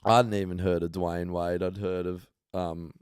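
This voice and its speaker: An Australian man telling animated, profanity-laced anecdotes on a casual podcast. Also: deep voice, moderate pace, smooth, no room sound, clean studio sound. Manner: swears a lot, animated anecdotes. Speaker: podcast host.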